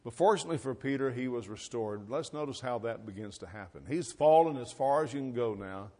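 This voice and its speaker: A man's voice: mid-range voice, animated, a little fast, warm tone. Folksy man preaching a sermon. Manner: folksy, conversational preaching with rhetorical questions. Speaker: pastor.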